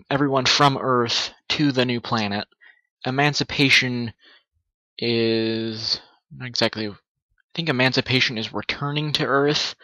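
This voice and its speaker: A man's voice: medium pitch, bright, forceful tone, no echo, rough recording. A man casually commentating his strategy-game playthrough, rambling and correcting himself as he thinks aloud.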